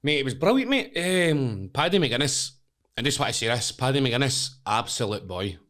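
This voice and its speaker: Animated Scottish man telling stories. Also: mid-range voice, moderate pace. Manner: animated, swearing, acts out voices. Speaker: podcast guest, wrestler. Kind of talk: casual storytelling chat.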